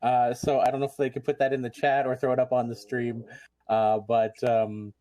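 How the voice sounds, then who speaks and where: Casting: mid-pitched man, rambling panel host, dry close mic. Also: level tone, moderate pace, warm tone, dry recording. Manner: rambling, full of ums and restarts. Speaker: convention chair, panel host. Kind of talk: casual panel hosting.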